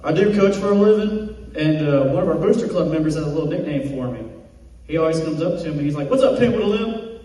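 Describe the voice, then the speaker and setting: A man's voice: on the high side, fast talker, mellow. A man doing a stand-up comedy set on stage, telling self-deprecating jokes and acting out quotes. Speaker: stand-up comic. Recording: distant echoey hall recording.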